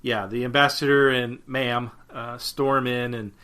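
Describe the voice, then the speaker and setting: A man co-hosts a podcast in a loose, rambling chat, often restarting his sentences and laughing at himself. His voice is bright and forceful, with a slightly tense edge. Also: mid-range voice, fairly even intonation, unhurried, clean tone. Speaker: podcast co-host. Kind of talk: casual chat.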